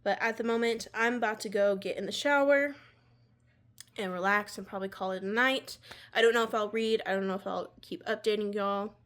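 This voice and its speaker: A woman's voice: mid-range voice, fairly even intonation, brisk, a bit bright. A young woman chats casually about her reading. She rambles and fills her talk with fillers. She is recorded on a phone at home beside her bookshelf. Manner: rambling, filler-heavy, chatty. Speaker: book vlogger. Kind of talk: casual vlog chat.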